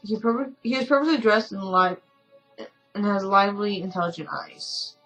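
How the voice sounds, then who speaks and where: Tired woman, chatty game reader, often corrects herself, mid-pitch, faint music behind. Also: moderate pace, fairly bright tone, poor audio. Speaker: game streamer. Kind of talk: reading a story game aloud with asides.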